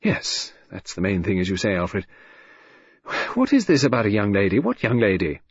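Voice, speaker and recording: Man putting on a quick, vehement wife, sharp-tongued and ironic, lifted husky voice, lively swoops, dull dry recording. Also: on the low side, no room sound, full character voice. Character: sharp-tongued, restless middle-aged wife.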